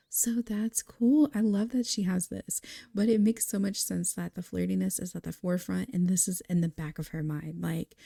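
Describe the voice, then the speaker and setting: A woman's voice: fairly low pitch, creaky, dark tone, dry recording, studio quality. A woman giving casual, chatty commentary on a life-simulation game, giggling and talking straight to her viewers. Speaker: gaming creator.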